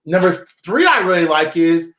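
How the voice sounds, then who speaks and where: A very animated man hosts a live call-in currency stream at a moderate pace, his a-bit-bright, slightly high voice echoing in a roomy space. He rambles and jokes freely, alternating between reading the news and bantering with callers.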